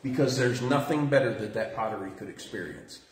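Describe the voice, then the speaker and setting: Man, pastor, sermon, animated storytelling, roomy echo. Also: brisk. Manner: animated storytelling, lively pitch swings. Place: church room. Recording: roomy echo with faint noise.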